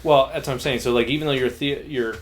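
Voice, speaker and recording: A young man co-hosting a podcast in easygoing conversation. He sounds matter-of-fact and unhurried, and slips in dry, wry jokes along the way. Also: mid-range voice, fairly even intonation. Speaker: podcast co-host. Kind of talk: casual chat.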